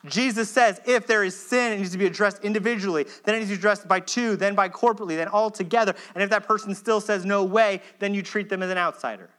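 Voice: mid-range voice, a bit bright. A pastor giving a sermon in a conversational, earnest way, pleading at times and often checking in with the listeners. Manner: frequent checking asides.

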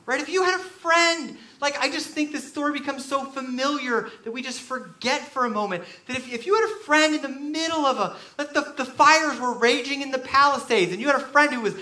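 High-voiced pastor preaching in an echoey church. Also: male voice. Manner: animated storytelling with sudden loud bursts. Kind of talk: sermon.

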